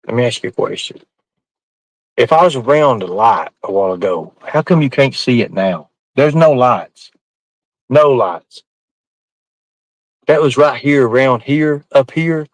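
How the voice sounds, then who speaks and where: A man's voice: mid-range voice, no room sound, low-quality recording. A man ranting defensively to his live-stream chat, swearing often and rambling from point to point. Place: outdoors at night in the rain.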